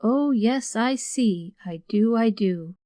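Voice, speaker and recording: A fussing, warm-hearted former maid, as a woman narrator plays her, soothing and entreating in homely speech. The reading is dry and close. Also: a little high, lively intonation, slow pace, no room sound.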